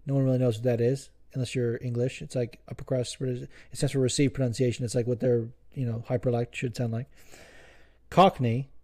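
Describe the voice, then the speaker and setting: A man's voice: mid-range voice, warm tone. A man hosting a solo podcast in a rambling, profane, casual chat, often correcting himself. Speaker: podcast host.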